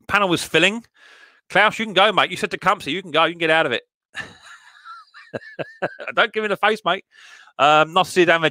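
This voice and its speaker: A man talks casually to his live stream viewers, greeting them one by one and being firm about the rules. His voice is bright and forward. The sound is dry and close to the mic. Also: a little high, no echo. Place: garden shed workshop.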